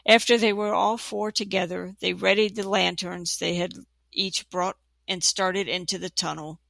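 A narrator reading a fantasy storybook aloud in a steady, plain way. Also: mid-range voice, normal speed, creaky, no echo. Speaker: audiobook narrator.

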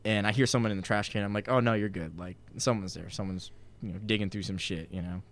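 A man's voice: on the low side, steady tone, quick pace. Rambling young man telling a story. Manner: rambling, profane, heavy on filler "like". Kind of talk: casual storytelling chat.

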